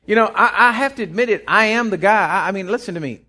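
Middle-aged pastor, folksy and lively, voice on the higher side. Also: male voice, fast. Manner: folksy, animated preaching with many restarts. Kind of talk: sermon.

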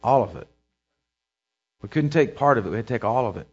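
A man preaching a sermon as pastor, building intensity with repeated phrases and dropping low for emphasis. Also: animated, a little fast, muffled recording.

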